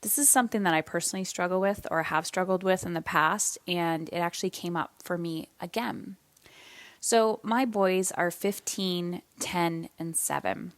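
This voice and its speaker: A tired woman in her thirties talks through a solo podcast episode in a candid, conversational way. Her voice sits low for a woman, and the sound is dry and close, with no room around it. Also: normal speed, no echo. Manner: candid, conversational, with some swearing. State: yawning, tired. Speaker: podcast host.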